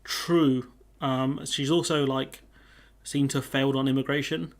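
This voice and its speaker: A man's voice: medium pitch, steady tone, measured pace. A man hosting a casual live stream, chatting with viewers and reading their comments aloud. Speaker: livestream host.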